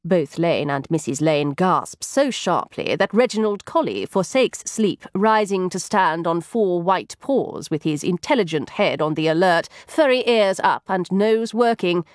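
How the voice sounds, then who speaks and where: Woman audiobook narrator, low voice with lively inflection, dry close mic. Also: a little slow, few pauses, no echo.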